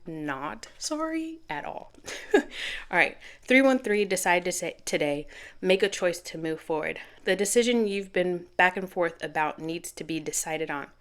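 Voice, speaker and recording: A middle-aged woman giving a channeled tarot reading to camera, earnest and rambling, correcting herself as she goes. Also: on the low side. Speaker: tarot reader.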